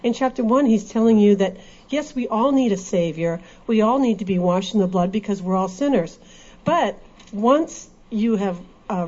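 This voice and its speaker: Female co-host, earnest, warm and mellow, dull lo-fi sound. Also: mid-range voice. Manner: earnest, explanatory. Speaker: co-host in a Bible discussion. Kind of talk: casual religious discussion. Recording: dull lo-fi recording.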